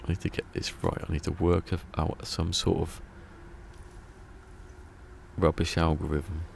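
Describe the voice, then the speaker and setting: Brit gamer dude chatting on stream, deep voice, kinda rambly and chuckly. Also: male voice, flat delivery, measured pace, gravelly, slight background noise. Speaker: game streamer. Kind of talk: casual live-stream chat.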